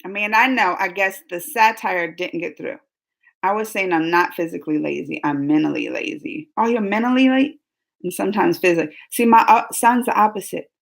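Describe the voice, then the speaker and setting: A woman hosting a casual reaction discussion, talking in an animated, rambling and emphatic way with the people in the room. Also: on the low side, brisk, vocal fry. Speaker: reaction show host.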